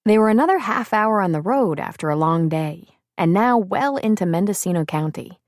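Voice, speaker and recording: A woman's voice: medium pitch, lively intonation, normal speed, darkish tone, no echo, studio quality. A woman narrating an audiobook novel, reading two men's conversation with small shifts in tone. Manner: reads dialogue for two men with small shifts in tone. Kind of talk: scripted narration.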